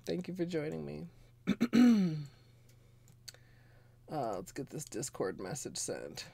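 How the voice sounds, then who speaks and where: A woman streaming nail art, chatting casually and ramblingly with viewers while a bit under the weather, clearing her throat now and then. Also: sits low, sing-song, slow, warm tone. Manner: rambling, chatty, greets viewers, frequent laughs and fillers. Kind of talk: casual livestream chat.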